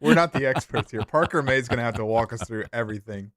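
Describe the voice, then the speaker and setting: A man's voice: medium pitch, fast, fairly bright tone, no echo, studio quality. A young man co-hosting a radio show, chatting casually in an easygoing, agreeable way. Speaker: radio show producer and co-host. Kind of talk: casual chat.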